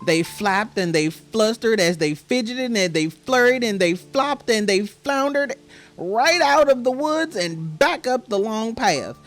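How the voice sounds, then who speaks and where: A woman reading a children's storybook aloud with a sing-song delivery. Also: on the high side.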